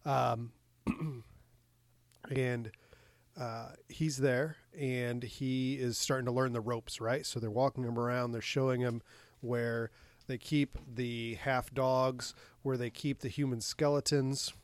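Man, podcast co-host, casual movie chat, excitable, profane, dry recording. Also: mid-range voice, slow, no room sound. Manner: excitable, swears freely, laughs often.

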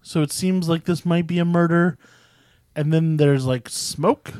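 A man co-hosting a podcast, chatting casually about a movie with dry, deadpan quips. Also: on the high side, unhurried, dry recording. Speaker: podcast co-host.

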